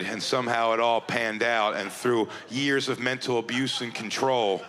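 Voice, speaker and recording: A man's voice: lowish voice, noisy background. A male stand-up comedian teasing and bantering with audience members from a comedy club stage. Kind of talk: stand-up crowd work. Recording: live club audio with crowd laughter.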